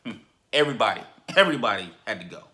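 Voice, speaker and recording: Male sports fan vlogger, emphatic casual rant, bright forceful tone. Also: lowish voice, very fast. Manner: animated and emphatic, repeats and restarts words.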